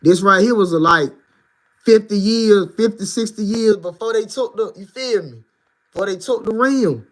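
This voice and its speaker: A young man hosting his own channel, talking straight to viewers in an animated, slangy monologue and leaning on "bro" and "man". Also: high-pitched, moderate pace. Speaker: video host.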